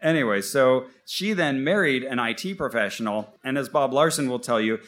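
A man on stage at a live podcast, spinning a story with dry humor. He slips into mock voices for the people he describes. His pitch sits right in the middle. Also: normal speed. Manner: wry, animated storytelling with mock quotes. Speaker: podcast co-host. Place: stage before a live audience.

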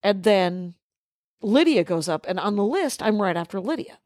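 A woman's voice: medium pitch, sing-song, normal speed, darkish tone, dry recording, studio quality. A woman co-hosting a podcast, telling a rambling backstage story and acting out what people said in casual chat. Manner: rambling anecdotal delivery, acts out quoted dialogue. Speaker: podcast co-host.

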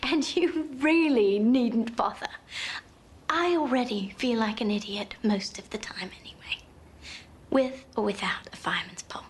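An actress playing a flustered, self-deprecating young woman in film dialogue, with a hushed, breathy delivery. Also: a little high, moderate pace, a little hiss or hum, natural voice. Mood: flustered, defensive. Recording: faint background ambience in film clip.

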